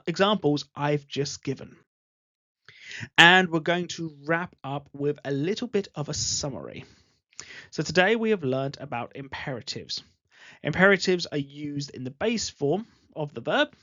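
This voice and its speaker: Slow, patient English teacher. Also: medium pitch, fairly bright tone, no room sound. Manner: slow, patient, repeats example sentences. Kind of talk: online grammar lesson. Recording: dull lo-fi voice recording.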